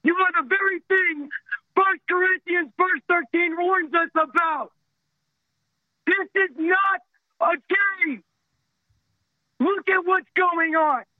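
A man's voice: very high-pitched, takes it slowly, long pauses, no room sound. A man calling in to a radio show, an army veteran, speaking intensely and pleading, his voice cracking with emotion. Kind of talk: impassioned call-in rant. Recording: tinny phone line.

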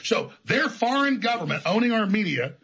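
A man's voice: high-pitched, very animated, moderate pace, fairly bright tone, breathy edge, rough recording. A man telling his story as an interview guest, in an emphatic, defiant, rambling way. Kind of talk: heated conversational storytelling.

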